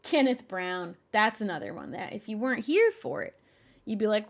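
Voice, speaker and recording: A young adult woman streaming, chatting casually with her viewers in an animated, often exasperated way and laughing a lot. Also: mid-range voice, fairly quick. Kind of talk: casual live-stream chat.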